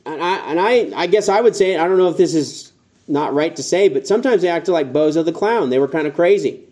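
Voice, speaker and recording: Mellow-voiced man preaching a sermon. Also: fairly high pitch, animated, a little fast. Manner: conversational, rising emphatic tones when quoting. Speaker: pastor.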